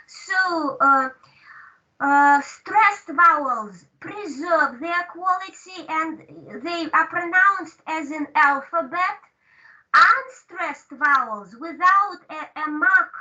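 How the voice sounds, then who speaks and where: Woman lecturer, very high and bright voice, slow deliberate delivery, distant dull lo-fi mic. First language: Russian. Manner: slow, repetitive, checks in with "right?". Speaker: language teacher. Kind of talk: online class lecture.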